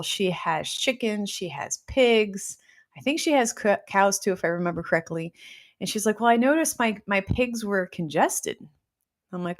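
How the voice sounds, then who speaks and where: A woman hosting a casual live stream, telling stories in an excitable, bubbly way and greeting viewers as she goes. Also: fairly low pitch. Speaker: host teaching nutrition testing.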